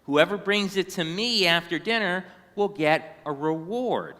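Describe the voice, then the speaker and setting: A man reading the lines of a kindly, gently commanding father in a children's story. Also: sits high, expressive, unhurried, long reverb tail, full character voice. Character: kindly father leading a family dinner.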